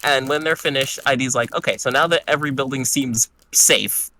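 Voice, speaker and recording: In a casual chat, a man with a mid-range voice briskly recaps a tabletop game session. His animated retelling is crude and full of jokes.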